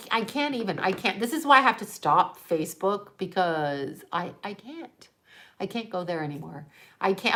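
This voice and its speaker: A woman's voice: medium pitch, bright, forceful tone. A woman livestreaming a rambling casual monologue to her viewers, exasperated and profane, trailing off into rhetorical questions and laughing in disbelief. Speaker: livestream host talking to viewers.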